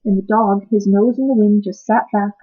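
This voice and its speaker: A woman reading a children's book aloud in a gentle, even storytelling manner. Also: medium pitch, normal speed, slightly rough. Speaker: reader. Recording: tinny phone-like sound.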